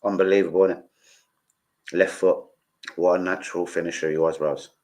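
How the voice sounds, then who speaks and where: Sweary football vlogger. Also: male voice, low voice, little pitch movement, fairly quick, a little mellow. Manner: sweary, slangy, rambling. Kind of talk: casual livestream chat.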